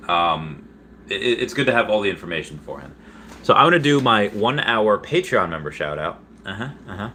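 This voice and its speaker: Low-voiced, upbeat male livestream host. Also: a little fast, slight background noise. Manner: rambling, excitable, laughs often, frequent restarts. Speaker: livestream host reading viewer chat. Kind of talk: casual livestream chat.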